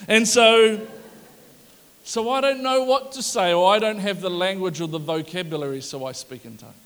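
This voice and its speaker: Joking pastor preaching in a reverberant hall. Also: male voice, high voice, moderate pace, fairly bright tone, smooth. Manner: conversational, joking, asks the audience questions. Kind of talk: sermon.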